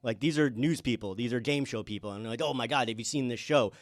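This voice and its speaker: A man's voice: medium pitch, fast, no room sound, studio quality. Enthusiastic male podcast host. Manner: enthusiastic, emphatic. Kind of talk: casual podcast chat.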